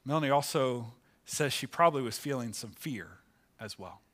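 Male pastor, sermon delivery, expressive storyteller, bright tense tone. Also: normal speed. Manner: expressive, pitch rises for acted quotes. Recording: church sanctuary, live sermon.

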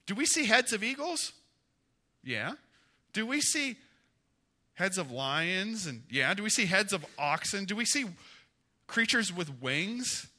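Male pastor, sermon, very bright voice, slightly high pitch, chatty, questions to the congregation. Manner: conversational, asks the congregation questions; grows emphatic and animated.

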